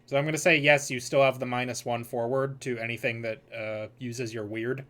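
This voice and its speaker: A man narrating as game master in a casual, halting way, laughing now and then. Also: medium pitch, fairly even intonation, a bit bright.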